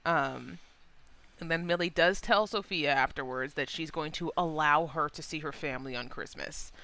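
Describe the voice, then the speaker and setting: A woman co-hosting a casual movie podcast, animated and swearing freely as she recaps scenes. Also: moderate pace. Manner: animated, swears freely, acts out characters in high voices. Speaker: podcast co-host.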